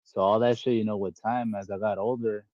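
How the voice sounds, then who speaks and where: Podcast co-host, man, lowish voice, candid and profane, dry muffled recording. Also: steady tone, a little fast, dark tone, no echo. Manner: blunt, profane, rambling with many fillers. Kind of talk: candid casual chat. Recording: dull, dry lo-fi audio.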